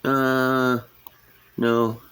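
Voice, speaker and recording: Guy rambling about his model cars at the workbench, slow easygoing pace, folksy, talks into the camera mic. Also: mid-range voice, monotone, fairly bright tone, clean tone. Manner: folksy, rambling, chuckles at himself. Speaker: scale model builder, channel host. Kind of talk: casual hobby vlog, showing builds.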